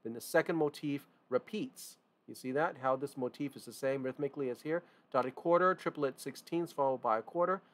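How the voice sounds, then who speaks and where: A man's voice: medium pitch, brisk. A man teaching a music theory lesson in a loose, informal way. He repeats and stresses key points and often restarts his sentences. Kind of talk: casual online lesson.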